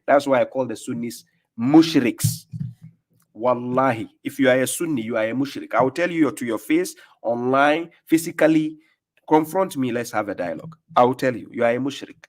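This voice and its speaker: A man reacting to video clips as an online preacher, with a mocking, confrontational tone. He fires off rhetorical questions and laughs in scorn. His voice sits at an ordinary middle pitch. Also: a little mellow. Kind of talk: combative commentary on video clips.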